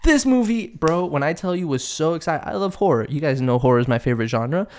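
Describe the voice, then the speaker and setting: A young man holds forth alone on his podcast, his voice leaping around in pitch as he tells the story. He talks casually and curses often, with an exasperated, disbelieving edge. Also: fast talker. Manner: animated, profane, exasperated storytelling. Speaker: podcast host. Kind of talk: casual solo podcast rant.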